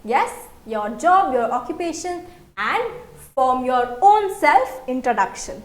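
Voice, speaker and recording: Lively high-voiced woman teaching a language. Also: echoey room. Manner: explains slowly, repeats example sentences. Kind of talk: online language lesson.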